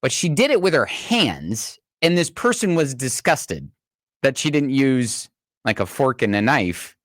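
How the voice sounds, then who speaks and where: A man co-hosts a radio talk show in relaxed banter, laughing easily and reading listener messages aloud. His mid-pitched voice swoops up and down with lively inflection. The sound is dry and close, with no room echo. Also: a little slow.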